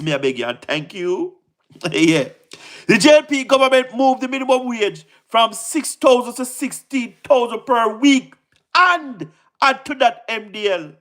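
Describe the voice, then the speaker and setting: A woman's voice: a little high, fairly bright tone. A woman with a Jamaican accent giving emphatic political commentary on her channel, repeating phrases and laughing often. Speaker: YouTube commentator.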